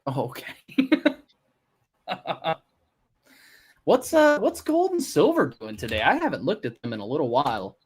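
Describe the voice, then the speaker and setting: Casual male livestream host, unhurried. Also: a little high, breathy edge. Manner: relaxed, hesitant, thinks aloud with fillers. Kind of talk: casual trading chat.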